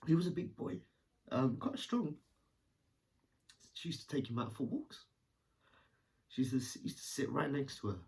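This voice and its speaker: A man's voice: mid-range voice, sing-song, moderate pace, pauses often, a little mellow, recorded from a distance. A man tells a personal story in a candid, rambling way and swears casually.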